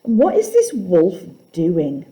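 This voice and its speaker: Slow, mellow-voiced woman teacher. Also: on the low side, wildly swooping pitch. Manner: questioning, reading lines aloud slowly. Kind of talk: classroom poetry lesson.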